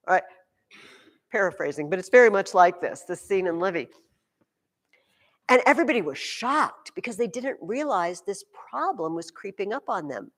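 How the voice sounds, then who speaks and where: A woman teaching a junior high history class, telling stories in an animated way with playful asides. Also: normal speed, in a large hall. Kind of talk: classroom lecture.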